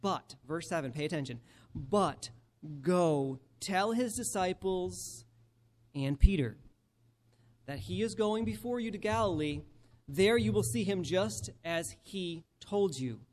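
High-voiced male pastor, reads scripture with emphatic, deliberate stress. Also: animated. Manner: emphatic, slows down to stress key phrases. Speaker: preacher. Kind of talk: sermon with scripture reading.

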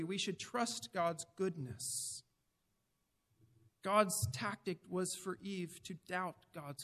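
A man's voice: sits high, a bit bright, big-room sound. A man preaching a sermon in an earnest, emphatic way, putting direct questions to his listeners.

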